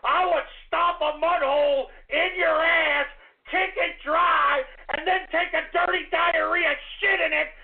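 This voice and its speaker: High, gravelly man ranting furiously on radio. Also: fairly even intonation, a little slow. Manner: furious, insulting, repetitive shouting. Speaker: radio show host. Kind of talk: angry profane on-air rant. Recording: lo-fi phone-like radio audio.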